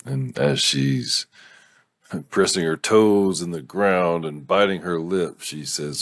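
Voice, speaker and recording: A man with a very low, gravelly and husky voice reads a romance novel aloud at an unhurried pace. He breaks off again and again to laugh, swear and riff on the story in a casual way. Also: no room sound. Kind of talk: casual read-aloud with commentary.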